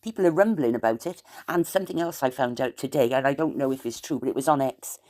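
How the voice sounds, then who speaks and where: Woman, South Welsh accent, deep-pitched, chatty, meandering vlogger. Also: quick pace, warm tone. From South Wales. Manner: chatty, wandering, aggrieved asides. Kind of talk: rambling late-night chat to camera.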